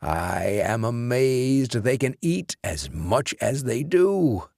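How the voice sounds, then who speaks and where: A man voicing a courteous old grandfather who speaks slowly and formally. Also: medium pitch, big pitch swings, vocal fry, darkish tone, dry recording, studio quality, heavily acted. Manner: slow, gracious, formal.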